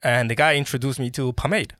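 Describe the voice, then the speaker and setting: A man from Colombia, a native Spanish speaker, telling his story as a podcast guest in an animated way, often restarting his sentences. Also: medium pitch, fast, no room sound, clean studio sound. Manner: animated, restarts often, bursts into laughing exclamations. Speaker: podcast guest, brand founder. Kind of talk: casual interview storytelling.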